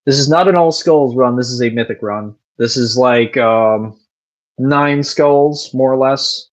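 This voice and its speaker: A gaming streamer with a medium-pitched voice chats casually at a measured pace while he plays, reading viewer messages out loud and swearing freely.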